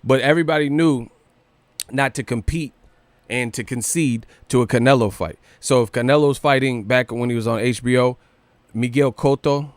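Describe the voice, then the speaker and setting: A man hosting a boxing news livestream, ranting casually with profanity and rapid rhetorical questions. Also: medium pitch, dry recording.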